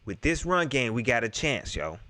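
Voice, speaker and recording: Animated, bright-voiced sports fan man. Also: medium pitch, normal speed, dry recording, clean studio sound. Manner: animated, repeats himself, laughs often; talks straight to viewers. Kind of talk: excited casual sports preview chat.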